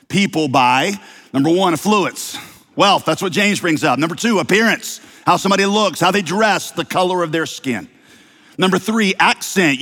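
A male pastor with a light Southern American accent delivers a sermon in a fairly high voice. He preaches conversationally, mixing humor and rhetorical questions. The sound carries the long reverb of a large church hall. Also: a bit bright. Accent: slight Southern American. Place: church sanctuary.

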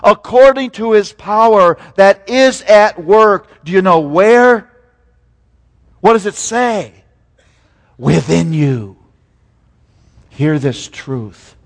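Male preacher, sermon, slow deliberate delivery, loud peaks and hushed drops, long hall reverb. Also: animated. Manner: swings from loud emphatic peaks to hushed low lines.

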